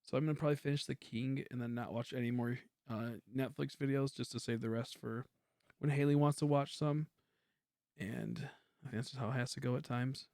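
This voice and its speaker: A young man chatting casually on a game stream, quiet and rambling, humming between thoughts. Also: mid-range voice, steady tone, brisk, no echo, clean studio sound. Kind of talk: casual livestream chat while gaming.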